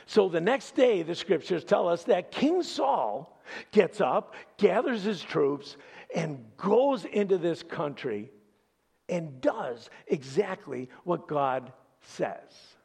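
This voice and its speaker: A male pastor preaching in an animated storytelling style. His delivery is slow and full of pauses. His voice is gravelly and husky, and it rises and falls widely in pitch. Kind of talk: sermon.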